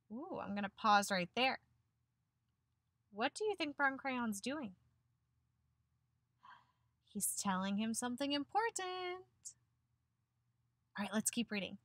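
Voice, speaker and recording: A woman's voice: on the high side, big pitch swings, slow pace, long pauses, fairly bright tone, no echo. A woman teacher giving a picture-book read-aloud lesson to children, encouraging them and asking questions that she answers herself.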